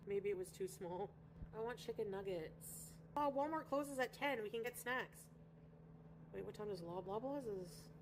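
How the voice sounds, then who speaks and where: A woman's voice: mid-range voice, background noise. A woman from Canada chatting casually on a livestream, rambling and greeting viewers by name. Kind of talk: casual livestream chat reading viewer comments.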